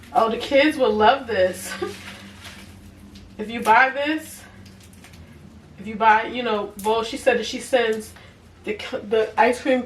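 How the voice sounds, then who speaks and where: A young adult woman, casually reviewing products on camera and chatting to her viewers. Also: fairly high pitch. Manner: chatty, talks to viewers as y'all, easy laughs. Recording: echoey room, a bit far from the mic, faint noise.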